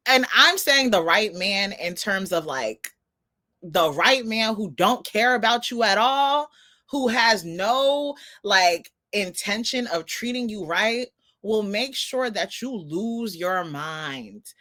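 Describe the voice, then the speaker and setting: A young woman co-hosts a casual chat podcast and tells stories with animated disbelief. Her bright, forceful voice swings widely in pitch while staying mid-range. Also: slow pace. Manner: animated storytelling, laughing incredulity. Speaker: podcast co-host.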